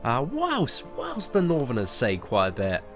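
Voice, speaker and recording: A young man with a southern English accent chats loosely during a live stream, stumbling over restarts and dropping casual slang. His pitch swings up and down with plenty of life, and faint music plays behind him. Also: huge pitch swings, normal speed. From Surrey, southern England. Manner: rambling, stammering restarts, chatty slang. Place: parents' garden, outdoors.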